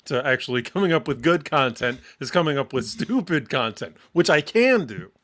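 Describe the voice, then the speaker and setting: A man from Michigan co-hosting a casual live entertainment show, excitable and swearing freely, laughing often. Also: fairly high pitch, normal speed. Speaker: co-host. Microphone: wired mic on a short cord.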